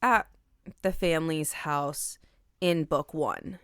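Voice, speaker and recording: A woman's voice: low voice, takes it slowly, fairly bright tone, smooth, dry recording, clean studio sound. A woman co-hosting a podcast, chatting casually about a book, correcting herself and laughing at her own slips. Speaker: podcast co-host.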